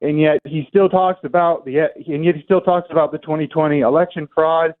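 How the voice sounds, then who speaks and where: A man's voice: a little high, fairly even intonation, fairly quick. A man calling into a radio show, earnest and aggrieved, with hesitant fillers. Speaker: radio caller. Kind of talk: call-in radio. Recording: tinny phone line.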